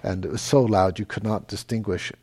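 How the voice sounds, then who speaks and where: A middle-aged man teaching a meditation class, answering questions in a relaxed, halting way with many fillers. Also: lowish voice, slightly rough. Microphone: microphone.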